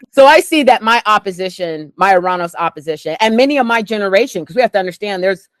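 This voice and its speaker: A woman's voice: medium pitch, lively intonation, fast talker, dry recording. A woman co-hosting a casual talk show, telling stories animatedly with acted-out quotes. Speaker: co-host. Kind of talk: casual chat.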